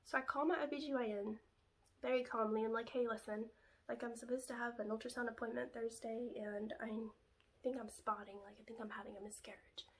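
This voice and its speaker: A young woman vlogger telling a personal story in a chatty, confiding way, full of "like" and "you know," sometimes dropping to a hushed whisper. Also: on the high side, steady tone, brisk, a little hiss or hum.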